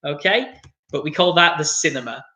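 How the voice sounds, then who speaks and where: An upbeat man leads an online English lesson over a video call, his fairly high voice bright and forward. He keeps things encouraging and stretches out words slowly to model them. The sound carries a noticeable echo from the room around him. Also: lively intonation. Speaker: English teacher.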